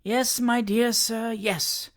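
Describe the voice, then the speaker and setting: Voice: medium pitch, flat delivery, takes it slowly, pitched above the performer's own voice. A narrator voicing Perker, a fussy little attorney. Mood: coaxing. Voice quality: soothing, wheedling, keeps repeating "my dear sir". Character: bustling, fussy little male attorney, ingratiating. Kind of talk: audiobook character reading.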